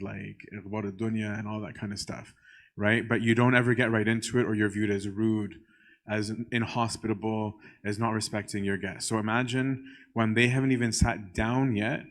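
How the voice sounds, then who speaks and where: A man, a priest, telling a church story in a conversational way, often checking in with the listeners and pausing on "um". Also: lowish voice. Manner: conversational, keeps checking in with "right?"; frequent filler "um".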